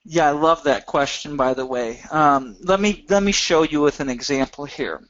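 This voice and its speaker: An instructor with a somewhat high male voice presses his points hard and keeps throwing rhetorical questions at his listeners. The sound is dull and lo-fi, with no room echo at all. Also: normal speed, fairly bright tone. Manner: emphatic, with many rhetorical questions. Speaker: course instructor. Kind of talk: teaching a recorded training session.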